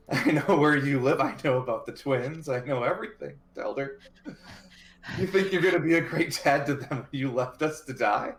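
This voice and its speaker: A man voicing a vengeful ghost boy, menacing, soft and low, roomy echo. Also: expressive, moderate pace, slight background noise, natural voice. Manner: taunting, menacing.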